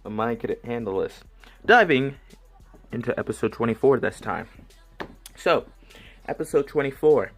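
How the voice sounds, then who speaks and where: A man giving a casual anime review, retelling the plot in an excited, rambling way with many restarts. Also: mid-range voice, normal speed, long pauses, soft background music.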